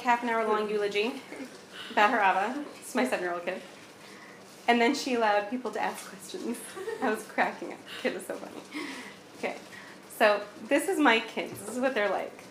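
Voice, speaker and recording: A woman's voice: a little high, brisk, a bit bright, slight background noise. A woman in her thirties telling a personal story in a candid, conversational way, acting out the dialogue as she goes. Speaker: guest sharing a personal story. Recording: roomy echo.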